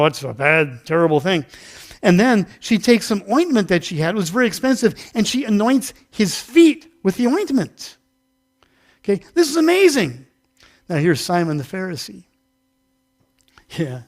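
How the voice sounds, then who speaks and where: A man with a fairly high voice preaches a loose, conversational sermon in a church sanctuary. He chats with the congregation, pokes fun at his own mix-ups, and acts out the story with volunteers. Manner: chatty, self-deprecating, acts out the story with volunteers. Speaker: pastor. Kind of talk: casual interactive sermon.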